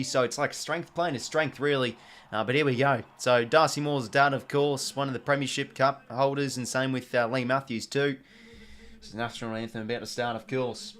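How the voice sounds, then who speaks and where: Australian man, young, casual stream chat, lots of ums, mid pitch. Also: fairly even intonation, moderate pace, fairly bright tone. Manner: chatty, many fillers, reads and answers viewer chat. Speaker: streamer hosting a live watch-along.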